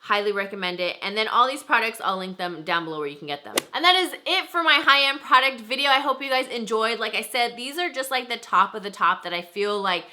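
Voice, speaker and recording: A woman's voice: medium pitch, lively intonation, quick pace, hardly any pauses, background noise. A young woman reviewing makeup to camera in a chatty, enthusiastic way. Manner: chatty and enthusiastic, lots of "like" and "freaking". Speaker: beauty vlogger. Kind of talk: casual product review to camera.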